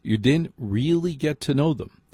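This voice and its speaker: Husky-voiced male radio host. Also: a little high, lively intonation, unhurried, dark tone, no room sound, clean studio sound. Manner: opinionated, conversational, explains with mock dialogue. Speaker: radio talk show host. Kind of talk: talk radio monologue.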